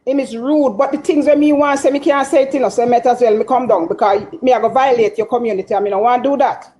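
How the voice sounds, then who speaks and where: Passionate high-voiced Jamaican woman caller. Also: fairly even intonation, fast, warm tone, a little hiss or hum, poor audio. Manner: passionate, emphatic, repetitive. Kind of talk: call-in chat.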